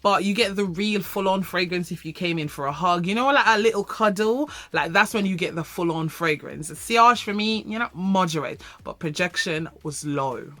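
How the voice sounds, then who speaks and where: Bright-voiced woman reviewing perfumes. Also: on the low side, normal speed, few pauses, no room sound. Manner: animated, emphatic, repeats for emphasis. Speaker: fragrance reviewer.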